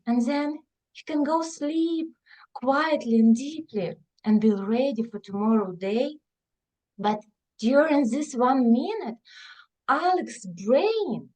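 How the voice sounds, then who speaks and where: A woman with English, speaking as a guest parenting expert on a podcast, explaining in an earnest, gentle way. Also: high-pitched, low-quality recording. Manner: earnest, gentle, non-native phrasing.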